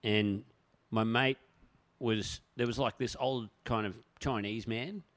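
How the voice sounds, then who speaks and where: A man's voice: fairly low pitch, fairly even intonation, slow pace, a bit bright. A man guest on a comedy podcast, telling a story in a rambling way and laughing often.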